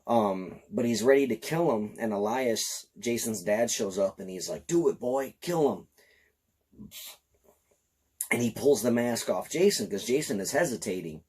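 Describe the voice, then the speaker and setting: A slightly tipsy man giving an excited, profane, rambling film review. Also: on the low side, normal speed, few pauses, breathy edge.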